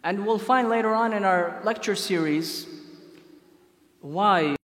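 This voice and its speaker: A man's voice: high-pitched, slow, fairly bright tone. A man giving a conversational religious lecture, telling stories with many rhetorical questions. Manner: casual storytelling, frequent rhetorical questions. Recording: echoey hall.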